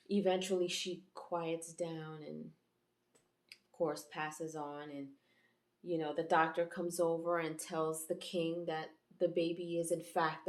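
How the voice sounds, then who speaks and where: A woman with a lowish voice talks casually through a TV episode review, rambling along with plenty of fillers and self-corrections. Her voice rings in an echoey room. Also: darkish tone. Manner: chatty and rambling, many fillers and restarts. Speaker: YouTube reviewer and channel host.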